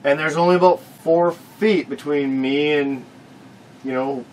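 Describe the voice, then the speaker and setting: A man's voice: a little high, unhurried, darkish tone, a little hiss or hum, low-quality recording. A man co-hosting a casual chat, telling stories in a laid-back, profane, laughing way. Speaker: podcast co-host.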